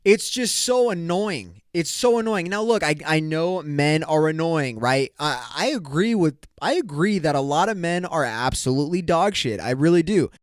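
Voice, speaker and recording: Casting: podcast host, man, slightly high voice, blunt cussing rant, dry close sound. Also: animated, normal speed, hardly any pauses, no room sound. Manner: profane, blunt, ranting. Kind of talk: casual rant.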